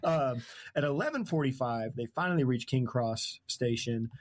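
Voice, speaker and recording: A podcast host retells a book in a casual, chatty way, joking constantly, laughing at his own asides, and letting sentences trail off mid-thought. His voice sits at an ordinary middle pitch for a man and moves at normal speed over slight background noise.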